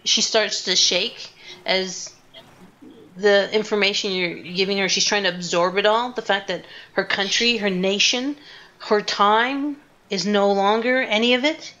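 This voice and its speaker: Slow-talking woman game master. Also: mid-range voice, fairly even intonation, bright, forceful tone, highs cut off. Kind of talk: narrating a tabletop game.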